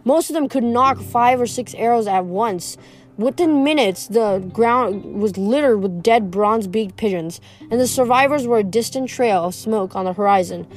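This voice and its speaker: Woman reading a chapter book aloud, unpolished, slightly high voice, soft music underneath. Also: moderate pace. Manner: plain reading with small slips and restarts. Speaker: reader.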